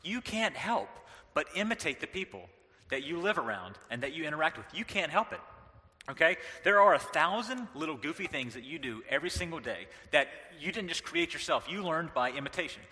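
A middle-aged man from the American South giving a lively, joking sermon as a pastor. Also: on the high side, fairly quick, long reverb tail. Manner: animated, joking, with playful impressions.

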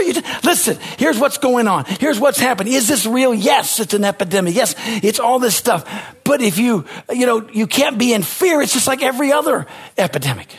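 A male pastor preaching a sermon with passion, repeating phrases, swinging from loud exclamations to low, quiet asides. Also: lively intonation, normal speed, breathy edge.

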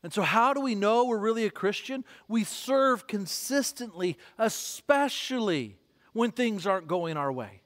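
A man with a high voice preaches a sermon to his congregation, animated and quick to repeat words as he builds his point. His voice rings out with a long reverb, as if from a large church hall. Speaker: pastor.

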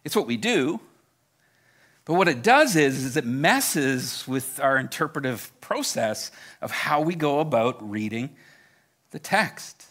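Bright, lively-voiced male preacher. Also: mid-range voice, takes it slowly. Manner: conversational, repeats words when starting a thought; addresses a live congregation directly. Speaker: pastor. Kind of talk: sermon.

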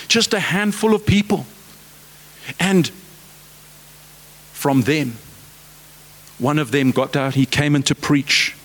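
A man delivers a fervent sermon in a voice pitched a little above most men's. He drives his points home with repeated rhetorical questions. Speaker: preacher.

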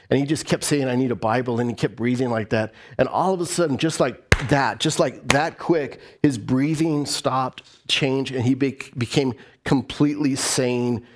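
A male pastor preaching a sermon, telling stories with a voice that swings up and down. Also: mid-range voice. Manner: animated storytelling, voice rising and falling.

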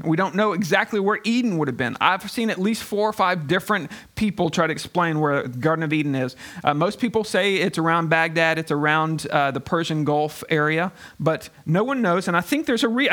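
Man, pastor, high-pitched voice, conversational sermon, asks the congregation questions. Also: a bit bright.

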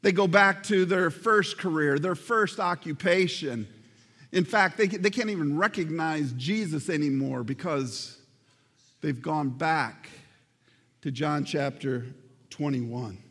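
A man's voice: a little high, slow pace, a bit bright, slightly rough, in a large hall. A man preaching a sermon as pastor, earnest and addressing the congregation directly, repeating words for emphasis. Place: church sanctuary.

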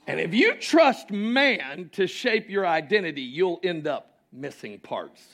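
A man preaching a sermon as pastor, with impassioned delivery that swings between loud exclamations and hushed lines in a church sanctuary. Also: high-pitched, sing-song, unhurried.

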